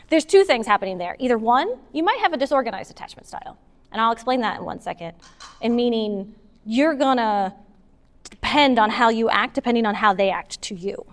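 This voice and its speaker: A woman giving a casual, animated talk to a moms' group, taking audience questions and acting out what partners say. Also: a little high, fairly quick. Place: meeting hall with an audience. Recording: long hall reverb.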